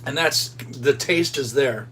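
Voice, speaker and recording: Co-hosting a casual cooking stream, a male home cook explains the recipe in an easygoing manner. He speaks slowly in a medium-pitched, fairly bright voice, picked up by a slightly distant mic with a faint hum.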